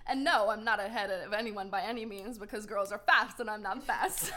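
A woman's voice: medium pitch, normal speed, bright, forceful tone. A young woman co-hosting a podcast, telling a candid, self-mocking story in a casual way. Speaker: podcast co-host.

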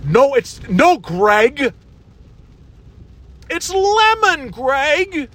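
A man putting on the voice of an exasperated, fussy grown man, pitched high and drawn out. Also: very animated, sharp tone, exaggerated voice. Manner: high, drawn-out scolding whine. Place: in a car.

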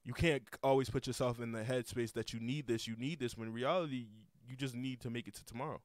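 A man's voice: medium pitch, fairly even intonation, quick pace, no room sound, clean studio sound. A young man hosting a casual podcast, rambling with lots of repeated words and cursing freely. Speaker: podcast host.

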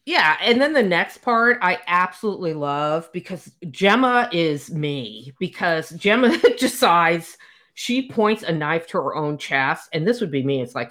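A woman's voice: on the low side, measured pace. Chatty woman retelling a story. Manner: animated retelling, acts out quotes, swears casually. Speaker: podcast co-host. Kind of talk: casual book recap chat.

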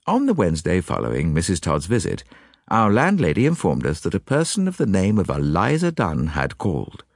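A man reading a story aloud as an audiobook narrator, in a measured, storytelling manner. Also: sits low, huge pitch swings, gravelly, dry recording, clean studio sound. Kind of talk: scripted narration.

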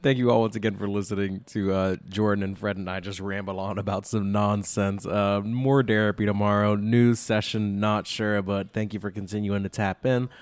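A man hosting a podcast, chatting casually in a joking, animated way. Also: lowish voice, normal speed, hardly any pauses, clear, resonant tone. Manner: joking, animated, often laughing. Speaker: podcast host. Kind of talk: casual chat.

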